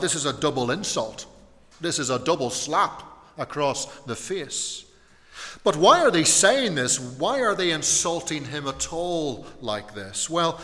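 A man preaching an evening sermon, slow and deliberate, often putting questions to his listeners. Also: on the high side, pushed and bright, long reverb tail. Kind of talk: evening sermon on a Bible passage.

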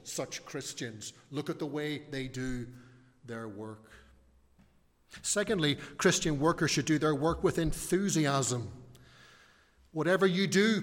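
A man preaching a sermon in an earnest, measured way, reading scripture and leaning hard on key words. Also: fairly high pitch, big-room sound. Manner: earnest, measured preaching with slow emphatic stresses.

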